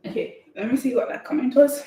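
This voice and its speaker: Warm, high and quick, this woman's voice carries a casual live stream where she bakes in her home kitchen. A home cook vlogger, she chats and laughs her way through rambling stories, recorded in an echoey room with faint noise.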